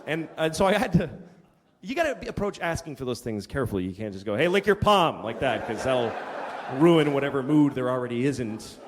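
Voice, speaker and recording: Profane man doing stand-up, lively pitch. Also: fairly quick, a little hiss or hum. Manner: profane, exasperated storytelling. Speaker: stand-up comedian. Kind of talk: stand-up comedy routine. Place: comedy venue on stage. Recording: reverberant club with loud crowd laughter.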